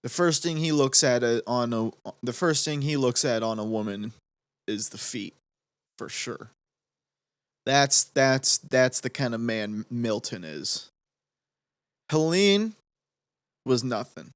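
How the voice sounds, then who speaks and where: A man's voice: medium pitch, animated, slow pace, pauses often, no room sound, studio quality. A young man hosting a podcast in casual, joking chat full of fillers. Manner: rambling, joking, lots of fillers. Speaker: podcast host.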